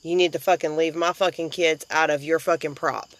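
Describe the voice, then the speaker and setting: A woman's voice: low voice, steady tone, brisk, rough recording. A woman on a live video, speaking defiantly and swearing as she defends her family. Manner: defiant, profane. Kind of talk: angry live-video rant.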